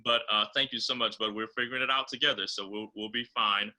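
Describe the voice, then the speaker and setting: A man, a composer and choral director, explaining choral diction over a video call and often pausing on fillers. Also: on the low side, steady tone, pushed and bright, rough recording.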